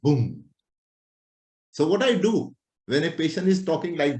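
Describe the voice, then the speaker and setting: Lively lecturing male doctor. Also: a little high, unhurried, long pauses. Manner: lively, animated, playful teasing. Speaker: doctor teaching a class. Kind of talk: clinical lecture with acted examples. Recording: roomy echo.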